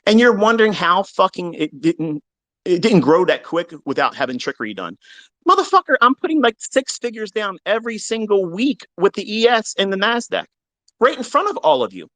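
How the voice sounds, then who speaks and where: A man's voice: sing-song, normal speed. Profane, combative man ranting. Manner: profane, combative, swinging from loud outbursts to low mutters. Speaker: trading educator hosting a live audio chat. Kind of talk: heated unscripted rant. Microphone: online audio room.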